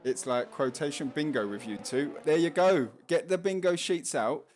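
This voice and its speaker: A man's voice: fairly high pitch, moderate pace, darkish tone, a little hiss or hum. A man with a Cockney accent giving casual, jokey live race commentary, laughing often.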